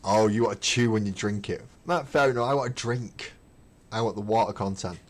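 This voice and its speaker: Chatting casually while he paints, a middle-aged hobby livestream host rants with emphatic opinions and swearing. His pitch is fairly low and his pace fairly quick.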